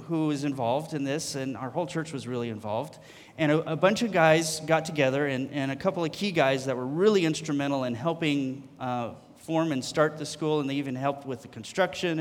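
A man shares a personal testimony with a congregation, his voice sitting a little on the high side. He tells the story lively and acts out the dialogue within it, and his words ring out with the long reverb of a big hall. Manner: storytelling, acting out conversations.

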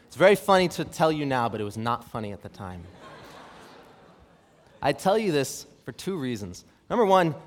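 A young man preaching a sermon, reading scripture and telling a personal story, with lively rhetorical questions. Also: a little high. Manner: animated, asks rhetorical questions, reads scripture aloud. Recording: long hall reverb.

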